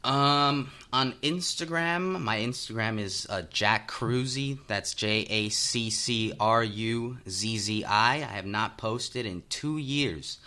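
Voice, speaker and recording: A man's voice: mid-range voice, slow pace, hardly any pauses, pushed and bright, smooth. A man guesting on a comedy podcast as an improviser, earnest and hesitant, with frequent fillers. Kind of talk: casual comedy podcast chat.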